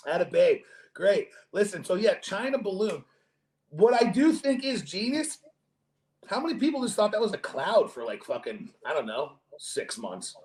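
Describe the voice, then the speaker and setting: A young man hosting a podcast in casual chat, animated, jokey and swearing freely. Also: sits high, normal speed. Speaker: podcast host. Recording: roomy echo.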